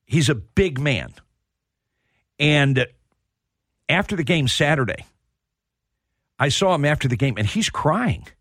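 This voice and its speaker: A man's voice: a little high, animated, slow pace, long pauses, a bit bright, dry recording, clean studio sound. A middle-aged man hosting a sports talk radio show, telling heartfelt stories with plenty of restarts. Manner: heartfelt storytelling.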